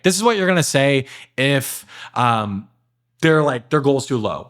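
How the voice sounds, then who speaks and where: A man giving a casual, energetic sales lesson at his computer, talking fast with lots of fillers and acting out sales calls. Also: mid-range voice. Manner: energetic, emphatic, acts out sales dialogue with many "like" and "okay" fillers. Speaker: sales trainer. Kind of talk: casual instructional talk to camera.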